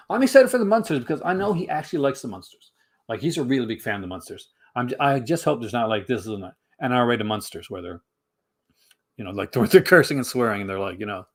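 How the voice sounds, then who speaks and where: A man hosting a casual livestream, answering his chat in a rambling way full of fillers and restarts. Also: fairly low pitch. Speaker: livestream host.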